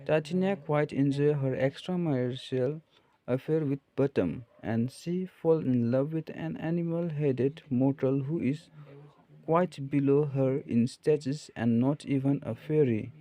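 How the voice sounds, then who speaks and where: A man reading out literature study notes in a measured way, with frequent pauses. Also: medium pitch, dark tone, rough recording. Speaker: lecturer explaining a set text.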